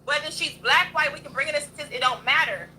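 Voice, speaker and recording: A young woman with a high, sharp, bright voice goes off on a livestream rant. She talks bluntly and combatively, swearing freely as she hosts her stream. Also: fast, slight background noise, rough recording. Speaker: livestream host.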